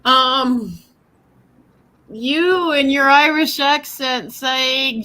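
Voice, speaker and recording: A woman's voice: high voice, measured pace, bright, forceful tone, rough recording. A woman co-hosting a casual movie chat, playful and giggly. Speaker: podcast co-host.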